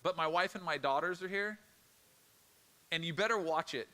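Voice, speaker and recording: Man, pastor, middle-aged, sermon storytelling, animated, conversational, bright tone, slightly high voice. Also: moderate pace, pauses often, slight background noise.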